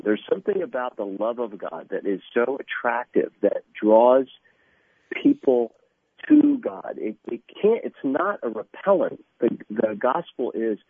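Earnest husky man on a phone line. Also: medium pitch, no echo. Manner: earnest, halting with many restarts and fillers. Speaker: guest from an evangelistic ministry. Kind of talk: radio interview.

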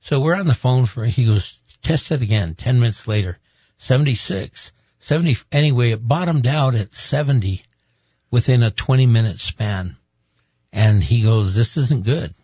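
A man's voice: medium pitch, normal speed, slightly rough, dry recording. A middle-aged man, a pastor, telling a personal story in an interview, acting out the voices of the people in it. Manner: lively storyteller who acts out quoted voices. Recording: dull, dry, slightly muffled recording.

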